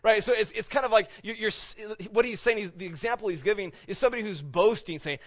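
A man in his late thirties preaching a sermon, talking like he's chatting with the congregation and throwing out question after question. His voice sits a little high for a man. The sound is dull and lo-fi. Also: expressive, fast talker, hardly any pauses. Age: 30s. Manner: conversational preaching, rhetorical questions. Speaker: pastor.

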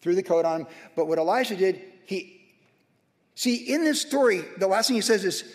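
A man's voice: high-pitched, expressive, brisk. A man preaching a sermon as pastor, fervent and emphatic, stacking up repeated phrases. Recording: long reverb of a big hall.

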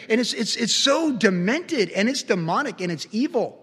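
A man with a notably high voice preaches a sermon, driving his points home and then dropping to a hush. His words ring out with a long reverb, as if he stands in a big hall. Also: big pitch swings, moderate pace, hardly any pauses, breathy edge. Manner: emphatic preaching with sudden swings between loud and soft. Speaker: pastor.

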